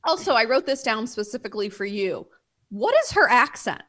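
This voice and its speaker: A woman co-hosting a podcast in casual chat, animated and full of "like" fillers. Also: on the high side, moderate pace. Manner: animated, often acts out quotes, many "like" fillers. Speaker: podcast co-host.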